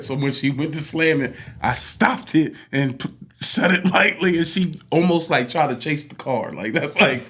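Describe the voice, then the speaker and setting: Bright, higher-voiced joking host. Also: male voice, normal speed. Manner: joking, loose storyteller. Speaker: podcast host. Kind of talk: casual podcast chat. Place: podcast studio.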